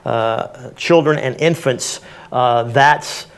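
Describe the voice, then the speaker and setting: A man's voice: medium pitch, slow. A man answering audience questions on CPR in a community panel, practical and plain-spoken with frequent fillers.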